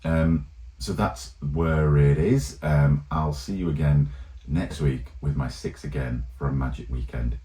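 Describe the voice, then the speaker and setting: Very deep-voiced, wry man. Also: measured pace, warm tone. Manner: rambling, wry, many fillers and restarts. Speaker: rugby league video host. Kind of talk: casual commentary monologue. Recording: echoey room, poor mic sound.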